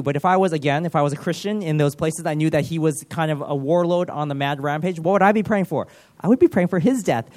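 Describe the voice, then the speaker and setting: Guy preaching, kinda high voice, earnest storytelling, lots of uhs and ums. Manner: earnest, lively retelling with frequent fillers. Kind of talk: sermon storytelling.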